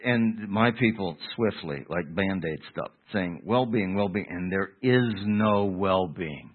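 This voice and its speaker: A man preaching a sermon in a conversational way, restarting phrases and moving between loud emphasis and quiet asides. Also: low-pitched, animated, slow pace. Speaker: pastor. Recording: tinny phone-like sound.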